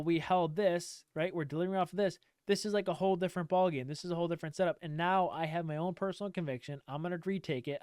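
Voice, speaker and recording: Ranting man with a smooth voice. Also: a little high, no room sound, studio quality. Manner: emphatic, repetitive, swears casually. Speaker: trading streamer. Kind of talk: direct-to-camera rant.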